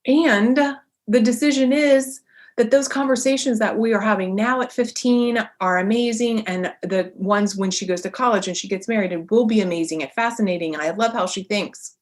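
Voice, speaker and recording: A woman in her forties hosting a solo motivational podcast as a coach, talking in an animated, emphatic way with a lively inflection. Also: mid-range voice, normal speed.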